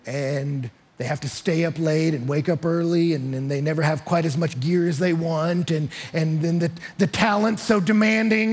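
A high-pitched man preaching from the pulpit, his voice carrying a husky edge. He tells stories with energy, acting out each quote and stumbling on his opening words. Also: brisk, few pauses. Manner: energetic storyteller acting out quotes, rising loud and high in excitement; repeats words when starting sentences. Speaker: pastor. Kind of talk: sermon. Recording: live church sanctuary.

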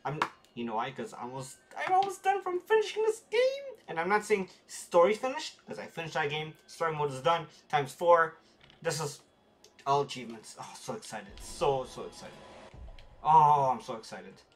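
A man streaming a video game, talking casually to his viewers and reacting excitedly as he plays. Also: on the high side, moderate pace, faint music behind. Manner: excitable, talks to viewers while playing. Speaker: gaming streamer. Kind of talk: casual let's-play commentary.

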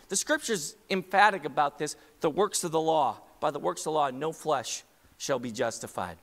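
A man's voice: a little high, brisk, pushed and bright. A man preaching a sermon as pastor, talking conversationally and asking the congregation direct questions. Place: church sanctuary. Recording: long church hall reverb.

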